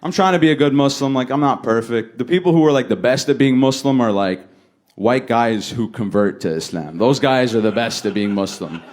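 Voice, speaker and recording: A man doing a stand-up set on a comedy stage, talking in a laid-back way and jumping high and loud when he acts out other people. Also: brisk. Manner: laid-back delivery, jumps high and loud for acted quotes. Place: comedy stage before a laughing audience.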